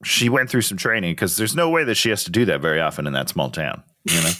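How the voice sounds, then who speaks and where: Guy hosting a movie podcast, super lively up and down, bright voice, laughs a lot. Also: low-pitched. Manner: animated, laughs often, acts out scenes in quick quoted voices. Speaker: podcast co-host. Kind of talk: casual movie review chat.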